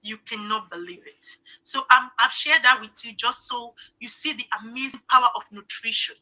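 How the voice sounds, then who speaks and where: A middle-aged woman hosting a live stream speaks at a moderate pace in a fairly high voice that is pushed and bright, with fairly even intonation, on a low-quality recording. Her casual sales pitch leans on emotional personal storytelling, delivered earnestly with frequent "okay?" check-ins.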